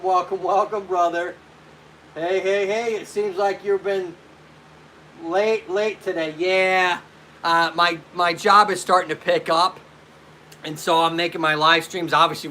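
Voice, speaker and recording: Bright-voiced chatty male live streamer. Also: a little high, a little hiss or hum. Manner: chatty, greets viewers by name and answers their questions. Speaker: physical therapist host. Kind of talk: casual live stream chat.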